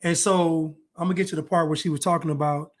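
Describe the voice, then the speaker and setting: A man's voice: on the high side, steady tone, quick pace. A man giving preachy reaction commentary, lecturing about men and women.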